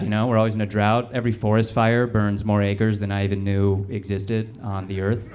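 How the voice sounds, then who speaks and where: Casting: low-voiced deadpan man doing stand-up, drifting and self-mocking, loud club noise. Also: normal speed, few pauses, a crowd in the background. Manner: deadpan, rambling, self-deprecating. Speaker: stand-up comedian. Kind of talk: stand-up set. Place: comedy club stage. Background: audience laughter.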